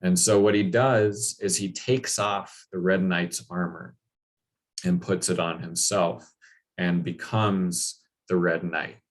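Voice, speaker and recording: Deep-voiced man telling a story casually. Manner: loose, chatty, many fillers. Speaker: speaker.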